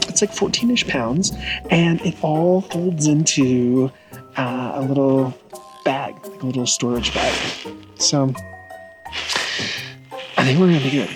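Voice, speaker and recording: A man's voice: mid-range voice, poor audio. A man vlogging casually while camping outdoors in a truck bed, chatty and poking fun at himself. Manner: chatty, self-mocking, laughs at himself. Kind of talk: casual vlog chat.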